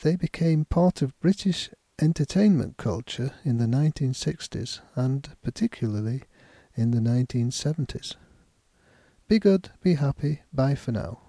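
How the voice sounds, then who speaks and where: A man teaching an English lesson, speaking slowly and deliberately with careful enunciation as he explains stress and reads a text aloud. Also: medium pitch, lively intonation, dark tone, no echo. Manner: slow, deliberate, clearly enunciated.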